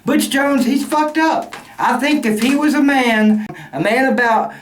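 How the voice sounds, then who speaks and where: A man's voice: extremely high pitch, animated, a little slow. A middle-aged man, an angry sports fan venting in a profane rant. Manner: angry, cussing, loud outbursts. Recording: roomy echo, faint noise.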